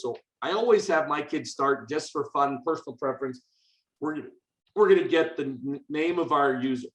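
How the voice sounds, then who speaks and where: A man's voice: fairly high pitch, fairly bright tone, echoey room. A man teaching a coding workshop, upbeat and chatty, narrating as he types. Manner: upbeat, chatty, talks while typing. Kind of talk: teaching demonstration.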